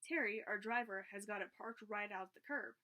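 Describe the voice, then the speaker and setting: A woman's voice: medium pitch, natural voice. A woman reading aloud, voicing a cheerful, upbeat male tour guide in a storybook. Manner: bright, brisk, friendly.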